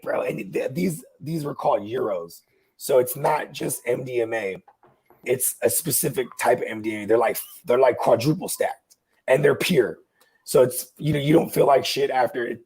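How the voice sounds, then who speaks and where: A man's voice: mid-range voice, moderate pace, gravelly, a little mellow, husky. A young man casually telling a long, rambling story, swearing and laughing along the way. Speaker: podcast host.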